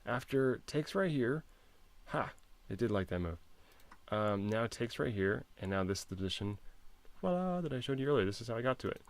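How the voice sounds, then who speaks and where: A man's voice: medium pitch, animated, a little fast. A man casually walking through a chess game as an instructor, chatty and self-interrupting, posing puzzles to the viewer. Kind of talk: casual chess lesson walkthrough.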